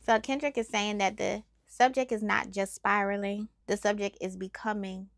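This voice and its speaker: A woman hosting a show, calmly reading a scripted, measured breakdown of song lyrics. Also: mid-range voice, gravelly, dry recording, clean studio sound. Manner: measured, analytical, explanatory. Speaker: host.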